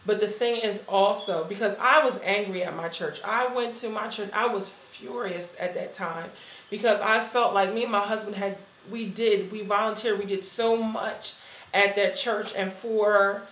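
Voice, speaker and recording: A woman's voice: medium pitch, fairly even intonation, normal speed, a bit bright, roomy sound, rough recording. A woman giving a candid, earnest personal testimony about her church life. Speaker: church member sharing a testimony.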